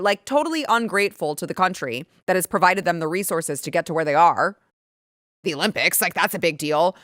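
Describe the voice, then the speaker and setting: A woman's voice: lowish voice, expressive, a little fast, fairly bright tone, no echo, clean studio sound. A woman hosting political commentary, talking in a sarcastic, indignant way with frequent restarts. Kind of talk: opinionated commentary.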